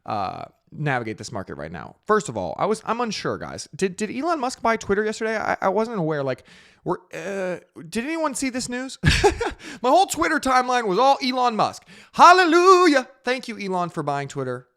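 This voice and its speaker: Lively, teasing male crypto host. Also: high-pitched, fairly quick. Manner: playful, teasing, animated, mock-sultry asides. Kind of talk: casual crypto chat to camera. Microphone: studio microphone.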